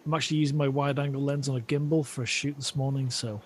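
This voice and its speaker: Calm man hosting a podcast. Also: medium pitch, fast, a little hiss or hum. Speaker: podcast host. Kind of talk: casual podcast chat.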